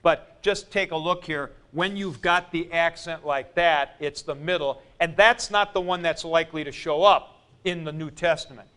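A man teaching a class, explaining forms step by step with fillers and pauses as he moves around the room. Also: a little high, bright, forceful tone, clean tone. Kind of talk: classroom lecture.

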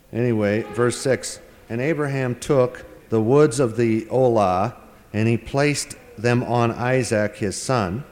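Guy teaching scripture verse by verse, really slow and careful, mid-pitched voice, long echo like a big hall. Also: darkish tone. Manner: deliberate, translating word by word with frequent pauses and fillers. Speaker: Bible teacher.

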